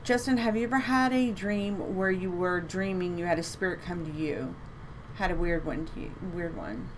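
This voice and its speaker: A woman's voice: on the low side, moderate pace, noisy background. A woman co-hosting a live psychic reading stream from home, chatty and upbeat, repeating words for emphasis. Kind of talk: casual live-stream chat.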